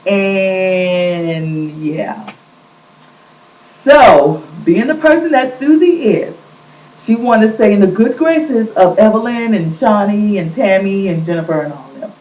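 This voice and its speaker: A woman recaps a show in a lively, gossipy way, her voice swinging up and down as she acts out other people's lines. She sits back from the mic in an echoing room. The recording sounds dull and lo-fi. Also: mid-range voice, slow pace. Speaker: vlog host recapping a reality show. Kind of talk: casual chatty recap. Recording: echoey, distant, dull lo-fi sound.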